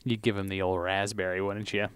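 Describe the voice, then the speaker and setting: A woman's voice: a bass voice, flat delivery, a little fast, clean tone. A woman co-hosting a podcast in casual chat, throwing in short reactions and dry jokes. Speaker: podcast co-host.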